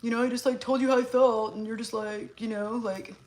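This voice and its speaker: A woman voicing a whiny, emotional ex-boyfriend in a soft, pleading tone. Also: fairly high pitch, steady tone, a little fast, a little hiss or hum, lightly acted, rough recording.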